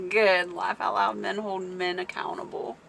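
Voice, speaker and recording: A woman's voice: mid-range voice, flat delivery, slow pace, creaky, pushed and bright, slight background noise. A woman hosting a casual livestream, chatting with viewers, telling stories and reading comments aloud, laughing often. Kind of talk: casual chat.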